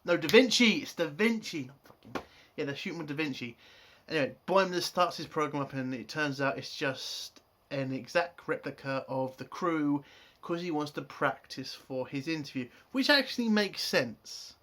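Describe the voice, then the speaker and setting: A man's voice: a little high, lively intonation, normal speed, fairly bright tone. A man giving a casual spoken review of a TV episode. He rants in an exasperated way and swears a lot.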